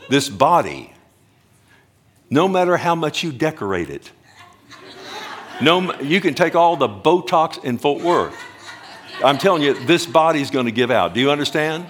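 A man preaching a sermon emphatically, often slowing down to stress words and calling out to his listeners directly. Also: a little high, animated. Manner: emphatic, swings between loud and hushed, addresses the congregation directly. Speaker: pastor.

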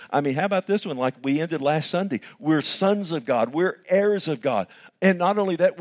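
A male pastor preaching a sermon, asking rhetorical questions and calling the listeners "loved one". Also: fairly high pitch.

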